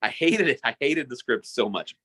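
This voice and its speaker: A man co-hosting a podcast in casual chat, animated and laughing often, repeating words as he starts sentences. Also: medium pitch, normal speed. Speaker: podcast co-host.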